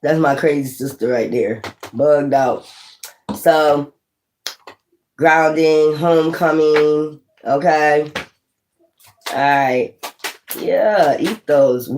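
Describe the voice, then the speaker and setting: A woman's voice: low voice, slow pace, long pauses, a little mellow, a little hiss or hum, poor audio. A woman hosting a live stream as a tarot reader, rambling casually and talking straight to her viewers.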